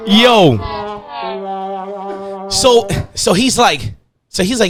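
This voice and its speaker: Lively high-voiced man laughing through a story. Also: extremely slow, long pauses, music in the background. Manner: laughs through his own story, profane, animated. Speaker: podcast host telling a story. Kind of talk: casual storytelling chat. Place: podcast studio.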